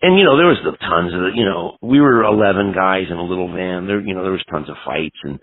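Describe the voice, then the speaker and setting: The interview guest, a punk guitarist in his 50s, rambles through profane stories, peppering them with "you know." His husky, deep voice is fast and lively in intonation. The sound is dry and close with no room sound, though tinny like a phone line.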